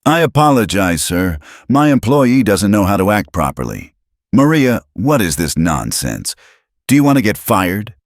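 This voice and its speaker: A man's voice: on the low side, very animated, normal speed, dry recording, clean studio sound, voice pushed up. A man voicing a harsh male store manager who snaps and growls at his staff. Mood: angry. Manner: snapping, growling.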